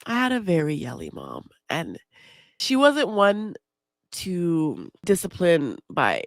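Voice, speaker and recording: A woman's voice: lowish voice, wildly swooping pitch, slow, creaky, no echo. A woman hosting her own podcast, a mother talking frankly and confessionally in a casual monologue and swearing freely. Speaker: podcast host.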